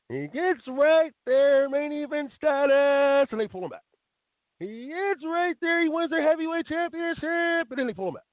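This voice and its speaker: A man's voice: mid-range voice, no room sound. Riled-up male wrestling talk host. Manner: animated, riled up, emphatic. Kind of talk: heated radio talk. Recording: tinny phone-quality internet radio.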